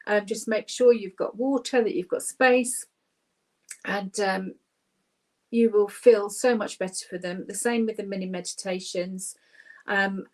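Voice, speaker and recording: A cheerful middle-aged woman with a British accent guides an online class from home in a friendly, chatty way. Her voice sits at a middle pitch, and she often pauses with a soft um. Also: low-quality recording. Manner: cheerful, chatty, with frequent ums. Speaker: laughter yoga leader.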